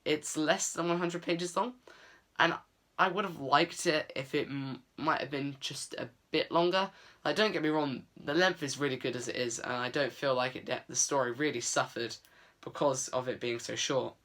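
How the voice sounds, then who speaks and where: A man's voice: on the high side, normal speed, a bit bright. A man giving a casual, earnest book review vlog, chatty with many fillers.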